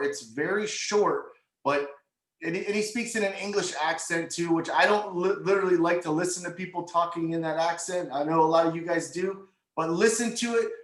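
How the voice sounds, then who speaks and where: A man co-hosting a morning video call, hyping a deal and a book in a rapid, repetitive way. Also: high voice, fairly bright tone, reverberant. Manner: hyped, rapid, repeats himself. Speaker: co-host. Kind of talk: casual sales pep talk on video call.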